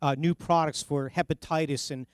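A man's voice: a little high, steady tone, normal speed. A middle-aged man with a New Jersey accent delivers a sermon in a slightly raised voice. He speaks earnestly, leaning on repeated phrases and personal stories. The sound is dry and close, with no room echo. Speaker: preacher.

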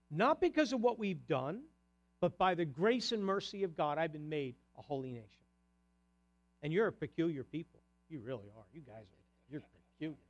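A man preaching a sermon to his congregation, swinging between loud declarations and soft conversational asides. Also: a little high. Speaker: pastor.

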